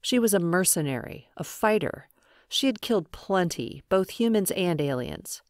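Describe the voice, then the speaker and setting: A woman narrating a science fiction audiobook in a steady, even storytelling way. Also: lowish voice, normal speed, no room sound, studio quality. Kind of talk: scripted narration.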